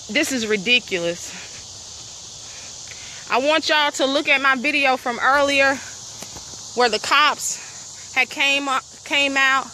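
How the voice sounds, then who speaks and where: A little hiss or hum sits under this high-pitched, sharp-toned voice. It belongs to a property owner walking a rural trail among crickets, vlogging to viewers on her phone, breathless and upset as she poses indignant, pointed questions.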